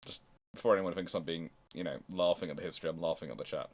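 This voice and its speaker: A man's voice: low-pitched, rapid-fire. A man hosting a casual history livestream, making wry asides and answering viewers' chat as he goes. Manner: chatty, wry asides, reads chat aloud.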